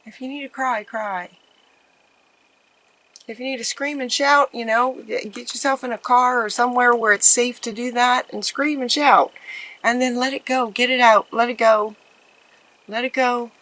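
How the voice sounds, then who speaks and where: Gentle encouraging woman tarot reader. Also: fairly high pitch, fairly even intonation, normal speed, no echo, rough recording. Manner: gentle, encouraging, repeats phrases. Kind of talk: casual tarot reading to viewers.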